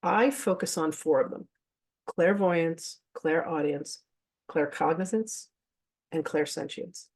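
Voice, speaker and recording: A woman with a deep, slow, darkish voice leads a spiritual masterclass, speaking to her audience directly in a casual, candid manner. She laughs often, swears offhandedly, and blends teaching with personal stories.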